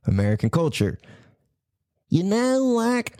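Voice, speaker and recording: Animated, profane man on a podcast. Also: a little high, moderate pace, dry recording, clean studio sound. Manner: animated, profane, laughing, rambling. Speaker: podcast host. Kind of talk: casual podcast chat.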